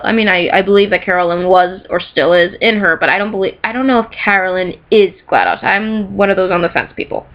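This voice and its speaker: A woman vlogger chatting casually and excitedly about things she bought, rambling and giggling, recorded in a bedroom. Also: mid-range voice. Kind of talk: casual chat showing off purchases. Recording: slightly dull lo-fi sound.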